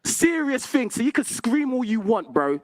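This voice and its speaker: A man's voice: extremely high pitch, very animated, moderate pace. A young man hosting a call-in show, arguing insistently and repeating himself. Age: young adult. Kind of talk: heated call-in argument.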